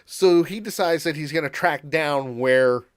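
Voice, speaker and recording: Halting man recapping a show. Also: fairly high pitch. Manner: halting, repeats words, laughs often. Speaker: podcast co-host. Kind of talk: casual chat recapping a show.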